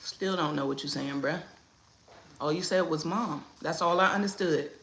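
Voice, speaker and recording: Bright-voiced animated woman livestreaming from home. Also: sits low, moderate pace, slight background noise. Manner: animated, playful, talks to her kids and reads chat names mid-stream. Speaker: livestream host. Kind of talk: casual livestream chat.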